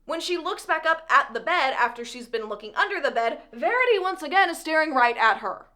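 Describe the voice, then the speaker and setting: A high-pitched woman retells a novel's plot in a chatty, dramatic way, adding joking asides for her viewers. Her voice is bright and forceful, and she talks in a casual vlog style. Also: big pitch swings, fairly quick. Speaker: book recap vlogger. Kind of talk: animated casual book recap.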